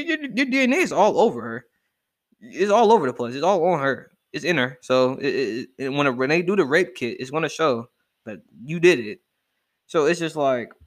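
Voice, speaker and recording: A young man ranting casually to camera, animated and profane as he reacts to a list. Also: medium pitch. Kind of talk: casual rant.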